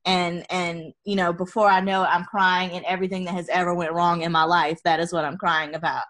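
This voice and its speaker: Animated woman telling a story, laughing often. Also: fairly low pitch, brisk. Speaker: guest. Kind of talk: casual conversational storytelling.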